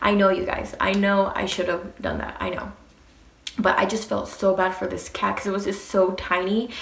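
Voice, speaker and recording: A young woman vlogger telling a casual storytime, animated and swearing freely as she acts out what people said. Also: medium pitch, normal speed, gravelly, reverberant.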